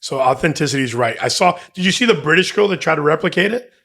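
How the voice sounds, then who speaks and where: A man hosting a casual podcast chat, speaking in a hesitant, halting way with many fillers and restarts. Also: fairly high pitch, lively intonation, a bit bright.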